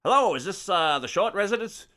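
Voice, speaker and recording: A man's voice: high-pitched, animated, a little fast, bright, forceful tone, pitched above the performer's own voice. A man putting on a pushy 1940s male newspaper reporter with a Mid-Atlantic accent, slick and wheedling. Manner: slick, wheedling, then abrupt.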